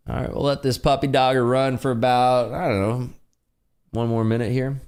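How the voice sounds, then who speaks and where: A man's voice: on the low side, normal speed, gravelly, a little mellow. A young man hosting a casual trading livestream, reading chat aloud and joking around with a laugh. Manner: jokey, reads chat aloud, laughs often. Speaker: livestream host.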